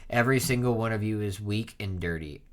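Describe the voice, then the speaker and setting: Male reader as a bitter, sullen boy prince; low, unforced. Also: a little fast, close to an everyday voice. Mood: scornful.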